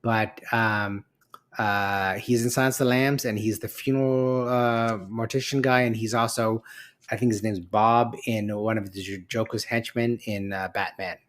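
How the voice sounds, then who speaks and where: A man's voice: on the low side, steady tone, moderate pace, fairly bright tone. A man playing a trivia podcast game, hesitating as he searches for actors' names. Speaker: podcast player. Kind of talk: casual game-show chat.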